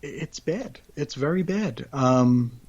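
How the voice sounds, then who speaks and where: A man's voice: on the high side, expressive, takes it slowly, a little mellow, slightly rough, highs cut off. A man co-hosting a podcast, chatting casually and rambling through his points with many restarts. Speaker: podcast co-host. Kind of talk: casual chat.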